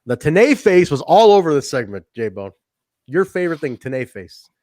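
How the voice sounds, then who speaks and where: A man's voice: a little high, big pitch swings, moderate pace, a little mellow, dry recording, studio quality. A man co-hosting a casual wrestling review show, talking animatedly, laughing often and acting out quotes. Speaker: podcast co-host. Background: live chat audience.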